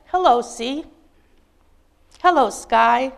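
A woman reading aloud the words of a gentle, kindly God creating the world from a children's storybook, in a warm, unhurried way. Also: high voice, vocal fry, full character voice. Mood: joyful.

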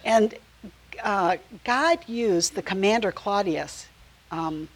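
A woman teaching a Bible study in a conversational way, earnest, with frequent pauses, ums and restarts. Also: medium pitch, poor audio.

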